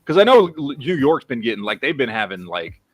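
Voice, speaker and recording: A man's voice: medium pitch, very animated, a little fast. Profane Texan man hosting a livestream. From Texas. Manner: rambling, profane, reads chat names aloud. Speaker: livestream host. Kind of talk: casual livestream chat.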